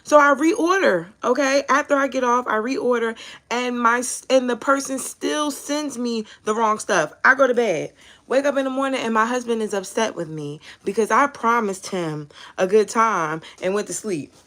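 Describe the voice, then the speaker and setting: A young woman hosting a tarot live stream, chatting casually and telling animated stories with casual cursing. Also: a little high, moderate pace. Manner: chatty, animated storyteller who curses casually.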